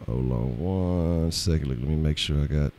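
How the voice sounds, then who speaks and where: Hoarse deep-voiced man. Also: moderate pace, darkish tone, slight background noise. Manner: loose, profane, stammering restarts. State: hoarse, lost his voice. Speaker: host. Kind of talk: casual live-stream sports talk.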